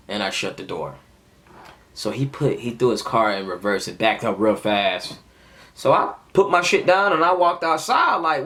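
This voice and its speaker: A man's voice: mid-range voice, a little slow, long pauses. A man in his twenties telling a heated, profane story of a fight at work in a casual vlog. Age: 20s. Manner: animated, profane, heated retelling. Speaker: vlogger.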